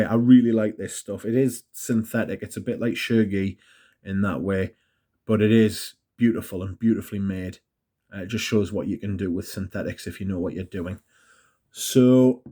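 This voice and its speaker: A man's voice: on the low side, dark tone, husky. Chatty man reviewing perfumes. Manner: chatty, rambling, self-mocking. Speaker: fragrance reviewer. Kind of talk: casual review monologue.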